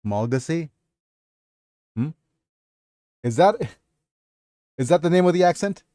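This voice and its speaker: A man's voice: fairly high pitch, animated, measured pace, dark tone, dry recording, clean studio sound. A man hosting a casual livestream who chats with his viewers in a rambling way, answering their messages between stretches of reading aloud from a story. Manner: rambling, answers chat as he goes. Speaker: livestream host.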